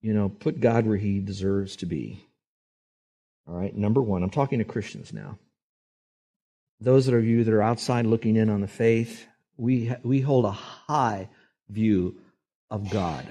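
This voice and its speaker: A man preaching a sermon as a pastor, emphatic and quick to act out the people he quotes. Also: on the low side, warm tone. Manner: emphatic, acts out quoted voices.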